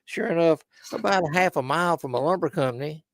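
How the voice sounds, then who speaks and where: A man's voice: fairly high pitch, fast, dry recording. A man with a Southern US accent, co-hosting and telling easygoing folksy stories in casual chat. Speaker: returning co-host.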